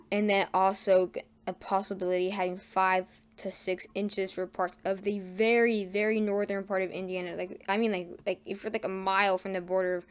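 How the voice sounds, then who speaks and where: Woman, amateur forecaster, clear tone with little pitch movement, hesitant and self-correcting delivery. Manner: halting, frequent fillers and self-corrections. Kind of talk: casual weather forecast over radar maps.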